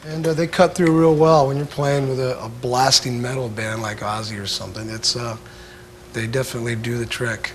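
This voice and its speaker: A man's voice: mid-range voice, fairly even intonation, background noise. Laid-back man explaining his drum kit. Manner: laid-back, halting, many filler sounds. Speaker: drum instructor. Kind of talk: casual instructional talk.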